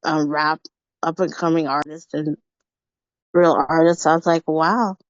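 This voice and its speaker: Low-voiced, joking woman on a call. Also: level tone, normal speed, no room sound, dull audio. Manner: chatty and joking. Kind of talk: casual chat on a group call.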